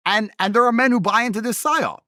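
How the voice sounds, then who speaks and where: A man's voice: very high voice, fast talker, sharp tone, no echo, clean studio sound. A man talking as a podcast guest in a blunt, emphatic, mocking way. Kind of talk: podcast conversation.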